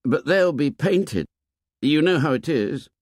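Man voicing a young boy, worried, hesitant, higher pitch, storybook. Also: lively intonation, unhurried, darkish tone, no echo, clean studio sound.

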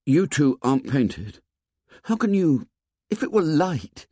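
A man's voice: on the high side, sing-song, takes it slowly, dark tone, husky, no room sound, clean studio sound, voice pushed up, full character voice. A man voicing a lonely hunted boy who talks in a thick, breathless, whispering way, in a storybook reading. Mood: desperate.

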